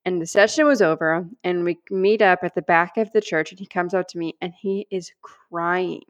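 A woman co-hosting a podcast, telling a personal story in an animated, earnest way and acting out the lines she quotes. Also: on the low side, normal speed, dull audio. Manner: animated storyteller, acts out quoted prayers and dialogue; earnest and heartfelt. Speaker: podcast co-host.

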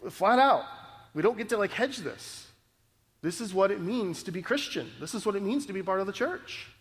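High-voiced preacher in a reverberant hall. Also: male voice, animated, moderate pace. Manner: earnest, conversational preaching with frequent "right?" asides. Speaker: pastor. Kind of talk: sermon.

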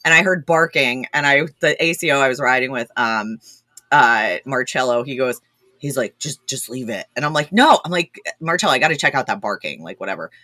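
A woman's voice: very deep voice, expressive, fairly quick, bright, forceful tone, no echo. A young woman, a rescue founder, telling stories casually with lots of laughter and quoted dialogue. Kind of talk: casual storytelling.

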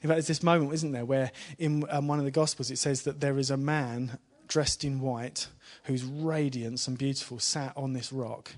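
A man of middle pitch preaches to a live church congregation in an informal, conversational way. He keeps asking the room questions and adds small laughs. When he retells a story his voice goes soft and hushed. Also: fairly even intonation, moderate pace, hardly any pauses.

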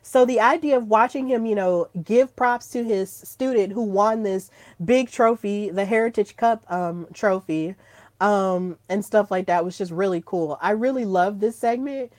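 A woman hosting her own podcast in casual solo chat, gushing and excitable, breaking into squeals when thrilled. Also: mid-range voice, unhurried, dry recording. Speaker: podcast host.

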